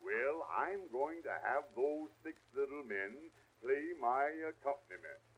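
Old Santa Claus with a cold, played by a man: slow, husky, lively pitch, grandfatherly, vintage radio. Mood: fatherly. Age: older. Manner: chuckling, grandfatherly, sneezing. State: has a bad cold. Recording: dull old radio recording.

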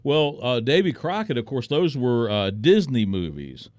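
A man's voice: mid-range voice, sing-song, unhurried, a little mellow, no room sound. A man hosting a radio show, chatting and joking with his co-host in the studio. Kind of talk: casual radio chat.

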